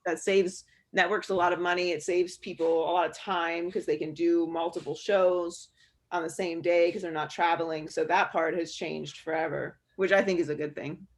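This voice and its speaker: Relaxed and full of filler words, a woman who works as a sports broadcaster gives candid answers to students over video call. Her pitch is on the low side and her speed is normal.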